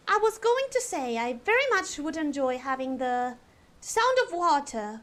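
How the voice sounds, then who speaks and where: Slow, lively high-voiced woman streamer. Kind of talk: casual game-stream chat.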